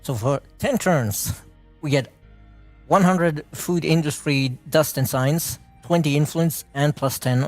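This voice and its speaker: A man's voice: on the high side, slow pace, a little mellow, dry recording, soft background music. A man hosting a live game stream, chatting and commenting on gameplay, laughing often and restarting his words.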